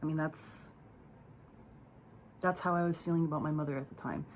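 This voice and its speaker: A woman's voice: low voice, fairly even intonation, normal speed, a little hiss or hum. A young woman telling a candid personal story on her vlog, profane and emotional, rambling with fillers.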